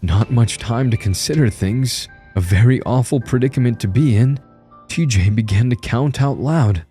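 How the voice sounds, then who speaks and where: A man's voice: mid-range voice, moderate pace, mellow, husky, faint music behind. A man narrating a first-person horror story in a tense, grim storytelling manner.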